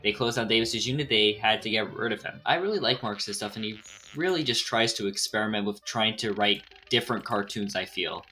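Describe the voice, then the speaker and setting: A man in casual chat as a podcast guest, calmly informative about animation history. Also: lowish voice, a little fast, hardly any pauses, slight background noise.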